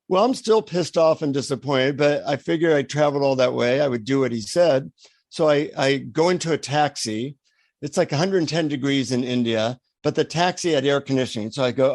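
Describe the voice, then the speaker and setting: A man telling a personal story as a podcast guest, acting out the dialogue in a lively, anecdotal way. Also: mid-range voice, moderate pace, no echo. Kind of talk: storytelling in an interview.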